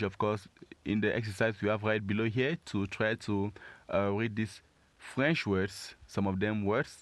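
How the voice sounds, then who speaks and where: A man's voice: fairly low pitch, no echo. Patient man teaching French sounds. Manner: patient, encouraging, repeats words slowly. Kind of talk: pronunciation lesson for learners.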